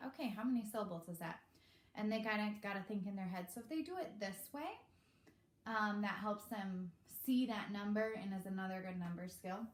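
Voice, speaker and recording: A woman teacher talking casually to parents about how she teaches young kids, chatty and relaxed with lots of fillers. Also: medium pitch, moderate pace, slight background noise. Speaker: kindergarten teacher. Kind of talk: casual instructional talk to parents. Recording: echoey room.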